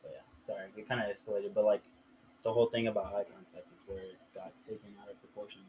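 A man's voice: lowish voice, level tone, quick pace, dull audio, a little hiss or hum. Laid-back young man telling a story. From Riverside area, California. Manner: laid-back, profane storytelling with filler words. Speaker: podcast host. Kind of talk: casual storytelling chat.

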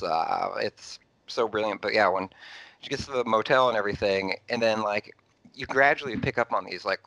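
A man's voice: fairly low pitch, dry recording, rough recording. A man in casual conversation about an old film, rambling with many fillers. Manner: rambling, animated, lots of fillers.

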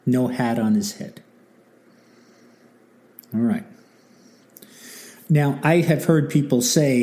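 Mellow-voiced man telling history casually. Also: on the high side, slow pace, pauses often. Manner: animated and wry, acting out quotes, many asides. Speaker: history channel host.

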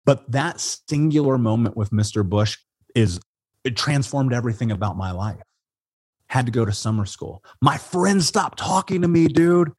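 A man from Indiana, an interview guest, telling his life story in a casual, animated way, swearing and calling people "dude" and "man". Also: medium pitch, normal speed, husky, dry recording. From Indiana, USA.

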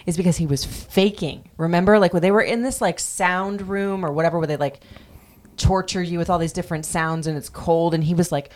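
A woman's voice: on the low side, steady tone, brisk, a little mellow. A woman in her forties hosting a casual podcast, talking bluntly and swearing freely as she rants. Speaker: podcast host.

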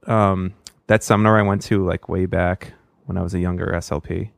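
A man hosting a speech pathology podcast, talking in a relaxed, chatty way with musing asides. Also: sits low, a little fast, creaky, no room sound, clean studio sound. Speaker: podcast host. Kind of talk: podcast intro and interview.

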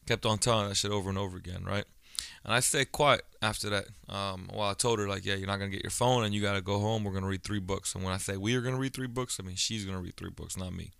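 A man's voice: lowish voice, steady tone, quick pace, creaky, fairly bright tone, clear, resonant tone, no room sound, studio quality. A man in his thirties talking casually on his own podcast, a blunt storyteller who swears freely. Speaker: podcast host. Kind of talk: casual solo podcast monologue.

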